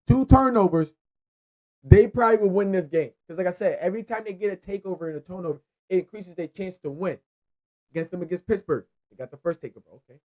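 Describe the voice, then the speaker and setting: A man hosting his own sports picks show, rambling loosely and cursing as he runs through the games. He speaks with in an easy, unscripted way. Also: on the high side. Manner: loose, profane, rambling, lively. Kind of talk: casual sports picks monologue.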